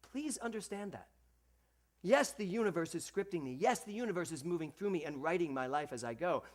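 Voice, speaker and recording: Animated man giving a sermon. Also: on the high side. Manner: animated, acts out quoted voices, talks directly to the congregation. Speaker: minister. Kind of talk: sermon to a congregation.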